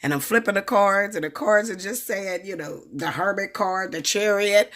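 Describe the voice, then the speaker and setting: Woman w/ aave doing a tarot reading, cussing a lot, blunt and animated, mid-range voice. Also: medium pitch, moderate pace, hardly any pauses. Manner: blunt, profane, animated storytelling. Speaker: tarot reader. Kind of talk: casual tarot reading monologue.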